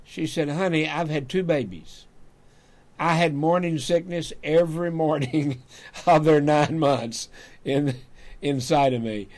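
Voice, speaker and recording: An older man, hosting a talk show and telling a folksy personal story, growing animated when he quotes himself. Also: a little high, unhurried. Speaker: radio talk show host. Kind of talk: storytelling monologue.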